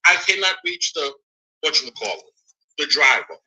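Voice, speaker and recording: A man's voice: on the high side, very animated, normal speed, bright, forceful tone, breathy edge, full character voice, low-quality recording. A man imitating a polite, scripted customer service agent on the phone.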